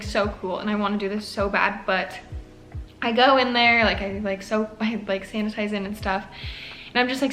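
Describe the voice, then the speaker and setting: A young woman studying nursing tells a story in a casual vlog, her medium-pitched, fairly bright voice cracking with emotion. She's chatty and leans heavily on fillers.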